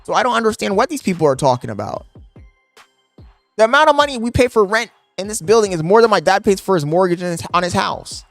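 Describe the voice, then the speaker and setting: Young male streamer, loud and crude, slightly high voice, dry close mic, faint music behind. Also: lively intonation, fast talker, no room sound. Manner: loud, yelling into the mic, profane, laughing. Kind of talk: casual live-stream chat. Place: apartment. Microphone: desk microphone.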